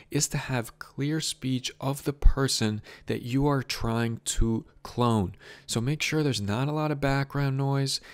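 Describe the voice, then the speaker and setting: Male tutorial host, easygoing step-by-step explainer, average pitch, dry close sound. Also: dry recording. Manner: relaxed, chatty step-by-step explaining. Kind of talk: casual software walkthrough.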